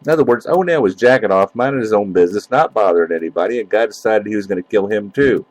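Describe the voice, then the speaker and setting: A lower-pitched man rants alone on his own podcast, cursing freely and mocking as he goes. He rambles, with lots of fillers and restarts. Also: fast talker, a little mellow, slight background noise, poor audio. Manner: profane, mocking, sarcastic; loose and rambling with many fillers. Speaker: podcast host. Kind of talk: casual solo podcast rant.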